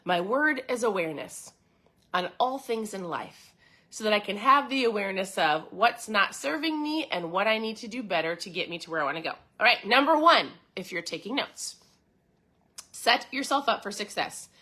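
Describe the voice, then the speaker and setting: A podcast host talks casually and enthusiastically, addressing her listeners directly and reading passages from a book. Her mid-range voice has lively intonation, a moderate pace, and a sharp tone. She comes across as chatty throughout.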